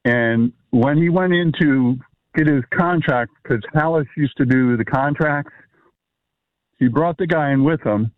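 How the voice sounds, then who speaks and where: A man's voice: fairly high pitch, unhurried, no room sound. A man on a phone line telling a casual, rambling story with many fillers. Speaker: caller or guest telling a story.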